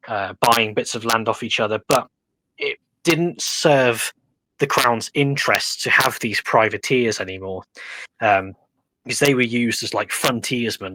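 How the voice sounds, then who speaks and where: English guy rambling through history, lowish voice, bright edge, dry sound. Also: dry recording, low-quality recording. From England. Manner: rambling explainer, lots of ums and restarts. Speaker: podcast guest. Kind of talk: casual history chat.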